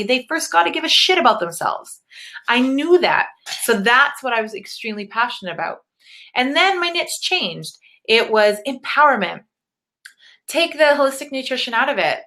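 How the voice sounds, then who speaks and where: A woman's voice: mid-range voice, pushed and bright. A woman life coach giving a live webinar talk, blunt and casual, swearing freely as she coaches.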